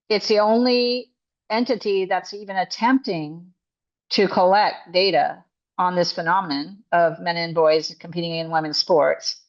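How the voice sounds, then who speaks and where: Emphatic woman coach, slightly dull audio. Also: on the low side. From Canada. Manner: emphatic, indignant, restarts often. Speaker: coach and author. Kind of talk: podcast interview guest.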